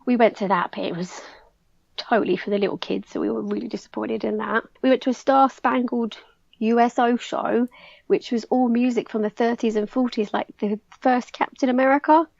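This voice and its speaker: An English woman in her twenties or so, chatting eagerly as a podcast guest with plenty of filler words. Her voice sits a touch high with a gravelly fry. The sound is dry and a little dull. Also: brisk, no room sound. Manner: chatty, fillers like "like", excited storytelling. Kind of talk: casual chat.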